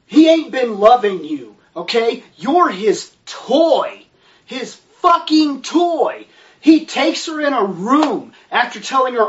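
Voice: medium pitch, sing-song, takes it slowly. A reviewer ranting about a film and book in an exasperated, sarcastic way, swearing heavily. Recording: distant, dull lo-fi recording.

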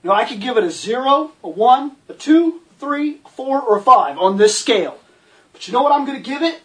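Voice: high-pitched, animated, brisk, distant mic. Profane, incredulous ranting film reviewer. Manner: profane, sarcastic, incredulous outbursts. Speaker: movie reviewer.

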